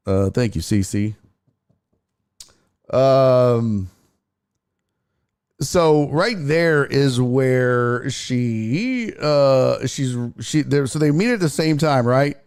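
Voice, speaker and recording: A man's voice: medium pitch, drawn-out words, pauses often, clean tone. A man hosting a casual sports talk stream, swearing freely and reading viewer chat aloud. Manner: profane, animated, reads chat aloud. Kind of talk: casual livestream commentary.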